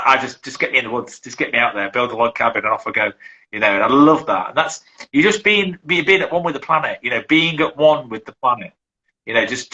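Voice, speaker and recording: A middle-aged man from England talks casually as an interview guest, rambling and tripping over his words as he restarts. His voice is bright and forward, and his pitch sits in an ordinary middle range. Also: rough recording. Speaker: guest, survival instructor.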